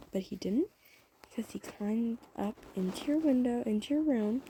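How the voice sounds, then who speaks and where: A woman's voice: mid-range voice, mellow, a little hiss or hum, low-quality recording. A woman telling a romantic fan story to the listener in a chatty, rambling way full of fillers. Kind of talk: casual spoken fan story.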